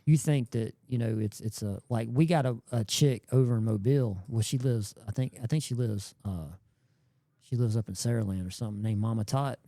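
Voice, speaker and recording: A man's voice: medium pitch, fairly quick, mellow, no room sound. A man, a YouTube creator chatting casually on a podcast, rambling and slangy and often repeating words.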